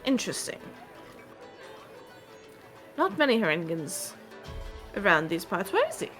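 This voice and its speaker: A woman voicing a proud, wary male ship captain who speaks in a measured, formal way. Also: medium pitch, big pitch swings, fairly bright tone, soft background music. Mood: stern. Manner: measured, formal, deliberate speech.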